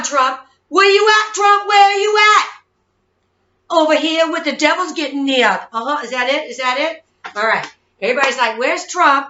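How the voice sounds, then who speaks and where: A woman's voice: medium pitch, bright, forceful tone. Chatty woman psychic, echoey lo-fi. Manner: chatty, rambling, keeps asking "okay?". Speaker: psychic-medium host. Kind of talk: casual monologue to viewers. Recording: echoey room, dull lo-fi sound.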